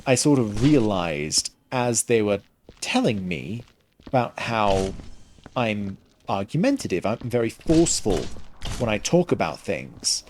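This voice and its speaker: A man giving casual gameplay commentary into a headset, pausing often to find the next word. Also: on the low side, sing-song, darkish tone, a little hiss or hum. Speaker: gaming streamer.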